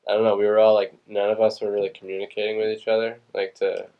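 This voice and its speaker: A man's voice: lowish voice, flat delivery, fast, smooth, dull audio. A young adult man as a podcast guest, laid-back, mostly giving brief agreeing replies in casual chat.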